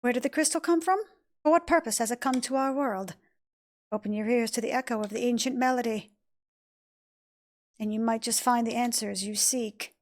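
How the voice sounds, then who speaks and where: A woman voicing a mysterious, calm young boy from a game cutscene, speaking in a soft, measured, cryptic way. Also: fairly high pitch, lightly acted. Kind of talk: reading game cutscene lines aloud.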